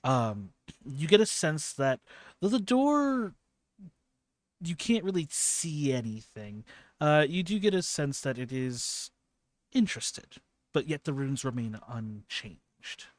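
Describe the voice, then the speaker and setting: A man running a tabletop game as game master, with a somewhat high voice and dry, close sound. He narrates slowly and haltingly, pausing often as he works out what to say. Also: big pitch swings, no echo.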